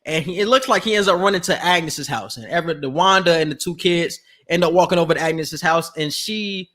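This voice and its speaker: High-voiced man in slangy podcast chat. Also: brisk. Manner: slangy, animated, acts out quotes. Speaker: podcast co-host. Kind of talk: casual recap chat.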